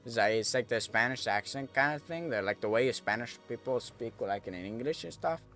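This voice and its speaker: A man's voice: mid-range voice, animated, moderate pace, fairly bright tone, soft background music. A man streaming a game, chatting casually to viewers as he thinks aloud and corrects himself. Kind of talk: casual gameplay commentary.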